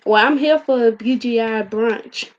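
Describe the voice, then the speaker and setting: A woman's voice: on the high side, measured pace. Friendly woman podcast host, lo-fi sound. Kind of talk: casual podcast talk. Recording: dull lo-fi audio.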